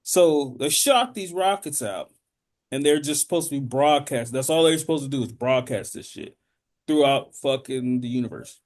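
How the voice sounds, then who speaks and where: A man's voice: medium pitch, moderate pace. A man co-hosting a podcast, chatting casually and telling profane stories full of comic voices. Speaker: podcast co-host. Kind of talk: casual chat.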